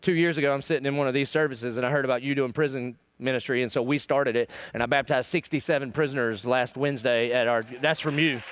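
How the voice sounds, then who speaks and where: A middle-aged male pastor preaching a sermon, swinging between loud pleading and hushed, emotional tones. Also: mid-range voice, fairly even intonation, fast, few pauses, clean tone. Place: church.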